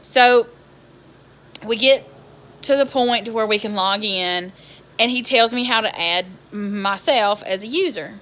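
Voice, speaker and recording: A woman, telling a story in an exasperated, animated vlog style. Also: mid-range voice, unhurried. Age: 20s. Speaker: vlogger.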